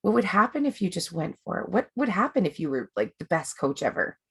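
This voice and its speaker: A woman's voice: lowish voice, sing-song, fairly quick, vocal fry, breathy edge. A woman life coach hosting a webinar, talking in a chatty, rambling way with many fillers and restarts. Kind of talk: casual coaching talk.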